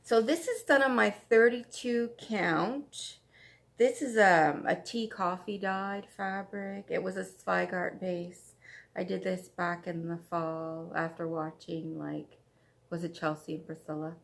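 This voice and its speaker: A woman's voice: fairly low pitch, steady tone, slow, gravelly. A woman hosting a stitching vlog, chatting casually and gushing over her projects, often repeating herself. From Canada. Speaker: flosstube host. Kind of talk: casual show-and-tell chat.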